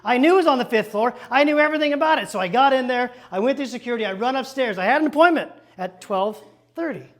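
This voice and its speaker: A male pastor telling a lively personal story from the pulpit, acting out the dialogue and turning to the congregation with quick asides. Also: extremely high pitch. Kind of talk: storytelling sermon. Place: church stage.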